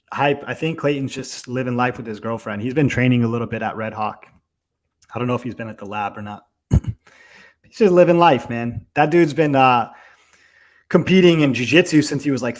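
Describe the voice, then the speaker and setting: A young man co-hosting a fight watch-along, chatting loosely with swearing and lots of fillers. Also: mid-range voice. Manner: loose and profane, with many fillers. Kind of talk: casual live fight commentary.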